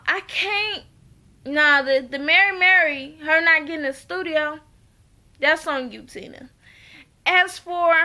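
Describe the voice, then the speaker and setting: A woman's voice: high voice, bright, forceful tone. A woman casually recapping and reviewing a TV episode, acting out the characters' lines in quoted voices and laughing often. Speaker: TV show reviewer.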